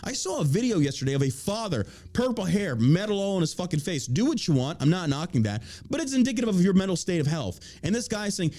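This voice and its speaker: This man's high, sing-song voice has a dark tone, and he moves at a quick pace with few pauses. Hosting his opinion podcast, he rants with plenty of profanity and puts on mocking quotes to imitate those he's attacking.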